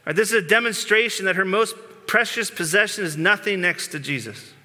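A man gives an earnest, informal sermon as a pastor, sometimes stumbling and repeating words as he goes. His voice sits high and sounds tense and bright. The sound carries a long reverb of a large church sanctuary. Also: fairly quick. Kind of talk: conversational sermon.

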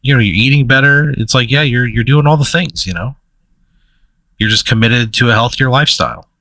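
A man's voice: mid-range voice, fairly quick, bright, forceful tone, no echo. Male co-host, rambling comedic storyteller, full of "uh"s, laughs through his lines, dry sound. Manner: rambling storyteller, laughs mid-sentence, many fillers. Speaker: podcast co-host. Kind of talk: casual comedic chat.

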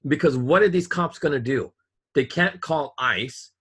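A man's voice: a little high, measured pace, a bit bright, husky. A man in casual chat, telling a story in an angry, profane rant.

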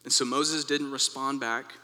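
Young man, preacher, bright tone, long reverb, earnest conversational storytelling. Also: mid-range voice, fairly even intonation, a little slow. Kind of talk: devotional talk with personal story.

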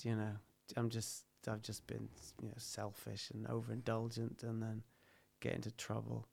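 Gravelly, hesitant Englishman as a guest. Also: lowish voice, completely flat delivery, darkish tone. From England. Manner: halting, hesitant, self-deprecating. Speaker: podcast guest. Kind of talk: casual podcast chat.

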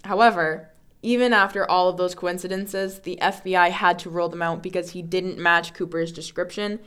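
A woman's voice: on the low side, steady tone, moderate pace, a bit bright, smooth. A young woman co-hosting a casual podcast chat, telling a true-crime story with frequent laughs and jokey asides. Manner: laughs often, jokey riffing. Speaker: podcast co-host.

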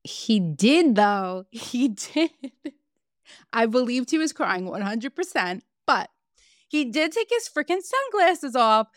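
A woman co-hosting a podcast, chatting in a casual and animated way and swearing freely as she recaps reality TV. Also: a little high, takes it slowly, no room sound, studio quality. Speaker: podcast co-host.

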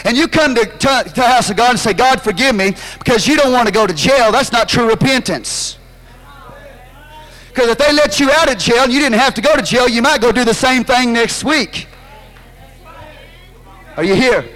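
A pastor preaching a sermon, impassioned, drawing out phrases and breaking into shouts. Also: male voice, extremely high pitch, moderate pace, long pauses, low-quality recording.

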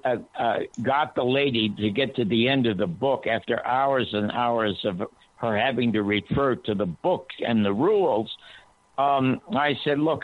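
Excitable man telling a story over the phone. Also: no echo. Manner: excitable, voice climbing high when quoting himself. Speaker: radio talk show guest. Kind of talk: animated anecdote telling. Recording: tinny phone-line sound, dry.

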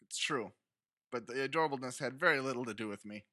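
An American man in his thirties trades dry, teasing jokes with his podcast co-host. His voice sits at a middle pitch with a bright, forceful tone. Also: fast talker. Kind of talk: casual chat.

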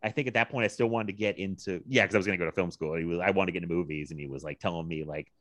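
A man in his thirties from Virginia, co-hosting a podcast, telling animated stories with frequent laughter. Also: sits low, very fast, no echo. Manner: animated storytelling, laughs often, quotes people in lively voices. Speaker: podcast co-host. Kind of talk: casual chat.

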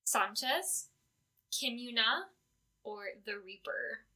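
Presenting fan awards on her podcast, a female host chats casually and keeps dropping "like" as filler. She speaks slowly at a fairly high pitch, expressive and sharp-toned.

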